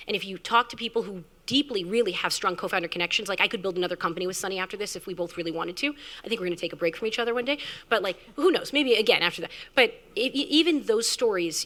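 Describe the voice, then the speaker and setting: A woman startup founder telling a candid, animated story on stage at a live event, acting out the people she quotes. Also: mid-range voice, quick pace, few pauses. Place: event venue, amplified on stage. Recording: reverberant event hall.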